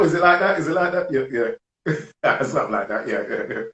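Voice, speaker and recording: A man hosting a live film review chat, speaking in a preachy, animated way. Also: medium pitch, moderate pace, reverberant, poor audio. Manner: preachy and animated, leads call-and-response chants. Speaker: host.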